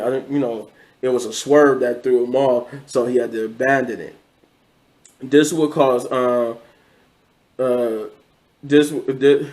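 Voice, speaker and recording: A man's voice: mid-range voice, a little mellow, poor audio. A man casually recapping a TV episode, rambling, with many restarts and quoted lines. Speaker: show reviewer.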